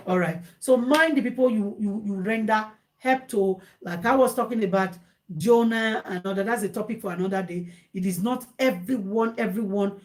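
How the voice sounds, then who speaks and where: A woman's voice: medium pitch, moderate pace, a little mellow. A woman with a Nigerian accent, hosting a casual advice talk for viewers, slipping into Pidgin and repeating phrases for emphasis. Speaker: host.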